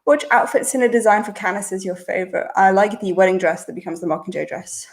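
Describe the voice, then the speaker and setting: A young woman hosting a casual livestream, reading out chat questions and answering in a relaxed, chatty way, thinking aloud before she replies. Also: mid-range voice, fast talker, gravelly. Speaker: channel host.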